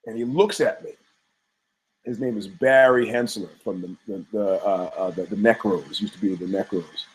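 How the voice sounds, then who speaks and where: A man's voice: fairly low pitch, moderate pace, low-quality recording. A man hosting a fight podcast, rambling through profane stories and asides with frequent restarts. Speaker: podcast host. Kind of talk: rambling casual commentary.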